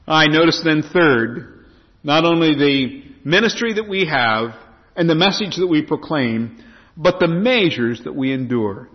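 A man's voice: on the high side, unhurried. A man preaching a sermon as a pastor, swinging his emphasis up and down as he reads and explains scripture. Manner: preaching with lively rising and falling emphasis. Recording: dull lo-fi sound in a reverberant hall.

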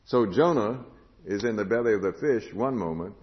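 A man with a fairly low voice preaches a sermon in a big reverberant hall, on a dull, lo-fi recording. He swings from ringing proclamation down to hushed, intimate passages. Now and then he puts questions to his listeners. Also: normal speed. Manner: rises to loud proclamation, drops to hushed tones; asks the congregation questions.

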